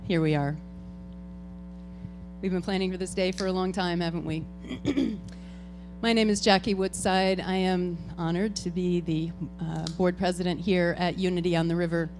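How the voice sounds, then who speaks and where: With music playing underneath, a woman speaks in a lowish, steady voice at a moderate pace. She is the board president hosting a farewell tribute, chatting informally with the congregation gathered in a church hall for the ceremony.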